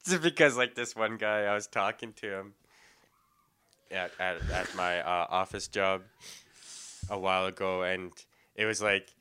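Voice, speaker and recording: A man's voice: sits low, sharp tone, clean tone. A man in casual podcast chat, telling easygoing anecdotes and laughing a lot. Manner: slow, laid-back anecdotes, frequent laughter. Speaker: podcast co-host.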